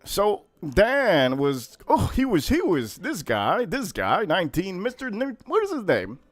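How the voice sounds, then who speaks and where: A male livestream host with a fairly high, very lively voice tells stories in casual, cursing chatter. The sound is dry and close, with no room echo. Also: unhurried. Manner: profane, animated storytelling.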